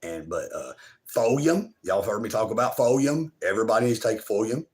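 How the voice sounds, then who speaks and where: A man with a very low, deep voice delivers a spiritual monologue straight to his viewers. He preaches with profane emphasis, jumping from loud, forceful bursts down to hushed near-whispers. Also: animated, fairly quick. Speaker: show host.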